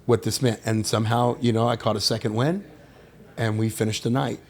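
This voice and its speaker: A middle-aged man, a guest on a podcast, telling stories in a casual, animated way, acting out the voices of people he quotes and swearing now and then. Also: lowish voice, fairly quick. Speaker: podcast guest, sommelier and winemaker. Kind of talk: casual storytelling interview.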